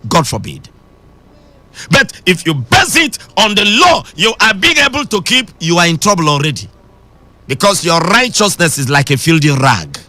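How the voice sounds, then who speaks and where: Bright, lively preacher man. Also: sits high, normal speed, dry recording. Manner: emphatic preaching that swings between shouting and sing-song. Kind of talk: radio sermon.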